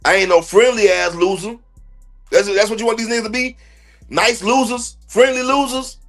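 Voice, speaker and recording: A man's voice: high voice, steady tone, moderate pace, fairly bright tone, soft background music. A man hosting a sports podcast livestream, ranting bluntly and profanely in heavy slang. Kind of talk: heated livestream sports rant.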